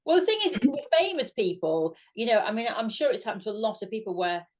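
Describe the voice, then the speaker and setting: A middle-aged British woman co-hosting a casual chat, telling an animated anecdote. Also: on the high side, fast. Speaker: co-host.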